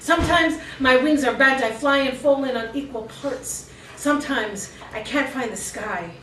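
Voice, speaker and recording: High-voiced woman performing spoken-word poetry. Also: normal speed, a bit bright, slight background noise. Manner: intense, rhythmic performance delivery with chatty asides. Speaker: featured poet. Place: cafe performance space, live audience. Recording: echoey room recorded from a distance.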